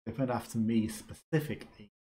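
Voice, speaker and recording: A man's voice: mid-range voice, fairly quick, warm tone. A man casually commenting while playing a video game, chatty and wry, laughing often as he reads items aloud. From United Kingdom. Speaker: let's play streamer.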